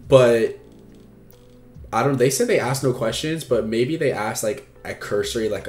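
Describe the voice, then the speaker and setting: A man's voice: medium pitch, lively intonation, moderate pace, reverberant, soft background music. A man hosting an advice livestream, talking frankly and casually with lots of fillers and swearing. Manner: frank and chatty, swears freely, many fillers. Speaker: advice stream host.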